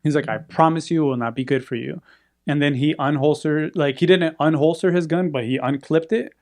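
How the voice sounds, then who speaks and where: A man's voice: on the high side, fairly quick. A man telling a story in casual chat, acting out the people in it. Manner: animated, acts out quoted voices.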